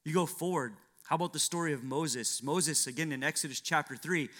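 A man's voice: a little high, fairly quick, fairly bright tone. A man preaching a sermon, acting out biblical dialogue with dramatic shifts and asking rhetorical questions.

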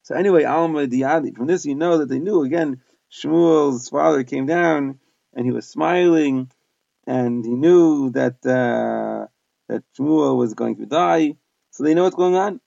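A man's voice: a little high, unhurried, vocal fry, mellow, no room sound. A man teaching a Talmud lesson, reading Aramaic phrases and explaining them in plain English with small hesitations. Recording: dull, dry close recording.

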